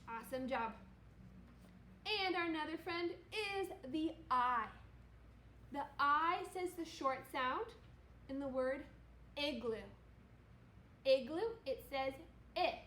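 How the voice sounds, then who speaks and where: A woman teaching second graders, leading a slow, repetitive phonics lesson and cheering them on with upbeat praise. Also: sits high, fairly bright tone. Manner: upbeat, encouraging, stretches out vowel sounds. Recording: echoey room with faint noise.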